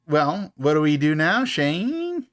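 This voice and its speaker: A man's voice: a little high, big pitch swings, slow pace, fairly bright tone. A man co-hosting a podcast, chatting casually about a horror movie and laughing often. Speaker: podcast co-host. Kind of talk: casual movie review chat.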